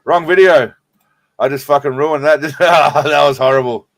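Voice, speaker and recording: A man's voice: on the high side, flat delivery, moderate pace, gravelly, a bit bright, no room sound. An Australian man hosting a live stream, rambling and swearing in a laid-back way while stoned. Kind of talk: casual live stream chat.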